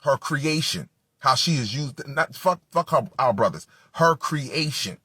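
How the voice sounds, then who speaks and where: A man giving an impassioned, profane preaching monologue that builds to shouting. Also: medium pitch, animated, a little slow, slightly rough, no echo, clean studio sound. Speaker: spiritual speaker.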